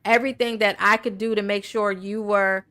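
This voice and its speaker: A woman's voice: mid-range voice, level tone, normal speed, pushed and bright. A woman hosting a casual talk conversation, earnest and encouraging, often checking in with "right?". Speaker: host.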